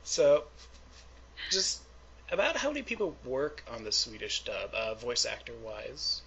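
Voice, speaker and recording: A man's voice: mid-range voice, lively intonation, a little slow, creaky, a bit bright, dull audio, slight background noise. A man hosting an interview, asking questions in a chatty, friendly way with hesitant fillers. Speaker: interviewer host.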